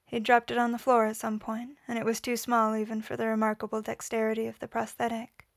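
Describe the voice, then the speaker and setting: A woman reading a story aloud in a quiet, measured voice, whispering the dialogue. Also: on the high side, completely flat delivery, no echo, studio quality. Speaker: reader. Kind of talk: audiobook reading of fan fiction.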